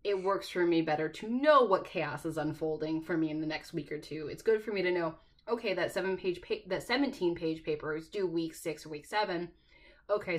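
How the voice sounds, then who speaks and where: Low-voiced woman podcast co-host. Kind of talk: casual podcast chat.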